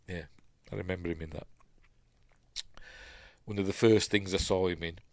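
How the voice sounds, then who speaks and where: Reading news and chat comments aloud on a relaxed live stream, a Yorkshire man with a matching accent rambles and adds his own asides. His voice sits low, in a dry recording.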